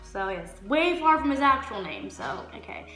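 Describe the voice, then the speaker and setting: A young woman in her twenties, pitched a little high, tells a story-time tale in a loose, chatty way, acting out what everyone said. Her voice rings in an echoey room with faint music underneath. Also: normal speed. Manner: animated storytelling, acts out quotes. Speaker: vlogger.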